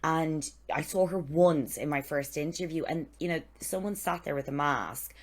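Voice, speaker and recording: A young adult woman co-hosting a podcast, telling lively stories, swearing freely and acting out what people said. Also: low voice, normal speed. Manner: animated storytelling, swearing, acting out quotes. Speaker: podcast co-host. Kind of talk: casual chat.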